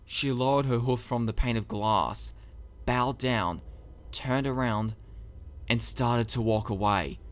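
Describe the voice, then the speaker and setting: A man narrating his own story in a dramatic audiobook reading, with measured, expressive storytelling. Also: mid-range voice, smooth. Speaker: narrator and author.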